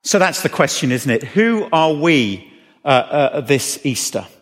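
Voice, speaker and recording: A man's voice: a little high, very animated, measured pace. A man preaching a sermon, earnestly asking questions and repeating phrases for emphasis. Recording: long reverb of a hall.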